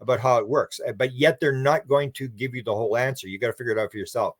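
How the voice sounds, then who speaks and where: A Canadian man with a Canadian accent, a researcher answering interview questions and telling a story, acting out the quoted dialogue with lively shifts in voice. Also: mid-range voice, fast talker. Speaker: guest, UFO researcher.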